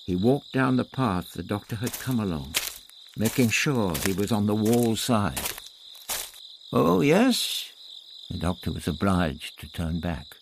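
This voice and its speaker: A man narrating a story as an audiobook in a measured storytelling manner. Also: low-pitched, expressive, noisy background.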